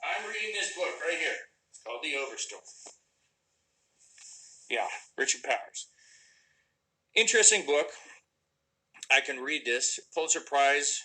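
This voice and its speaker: A man's voice: on the high side, big pitch swings, measured pace, pauses often, sharp tone, slightly rough, low-quality recording. A man casually answering viewer questions on a livestream, rambling and joking, sometimes trailing off into mumbles. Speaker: actor answering fan questions.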